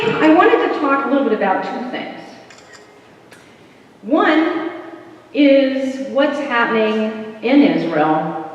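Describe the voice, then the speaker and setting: A woman in her fifties from the American South, giving a measured, deliberate talk as a panel speaker in a church, pausing for emphasis. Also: on the high side. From American South, North Carolina. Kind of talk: prepared talk at a church program. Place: large church hall. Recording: dull echoey hall recording from far off.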